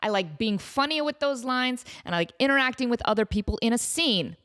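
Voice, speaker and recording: A woman's voice: fairly high pitch, animated, fairly quick, fairly bright tone. A woman in her thirties hosting a podcast, telling a story with a self-mocking, laughing delivery. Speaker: podcast host. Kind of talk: casual comedic storytelling.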